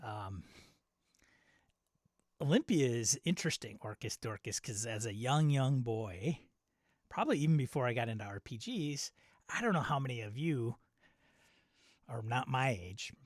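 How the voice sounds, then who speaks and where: A man's voice: medium pitch, expressive, moderate pace, pauses often, no echo, clean studio sound. A middle-aged man from Wisconsin hosting a casual live-stream chat, rambling and nostalgic, often laughing at himself. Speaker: channel host.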